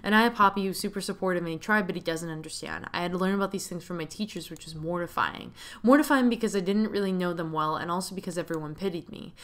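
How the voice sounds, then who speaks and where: A young woman opens up to her best friend, earnest and self-conscious in a game scene. A woman voices her in a slightly low, everyday voice. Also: quick pace, few pauses, lightly acted.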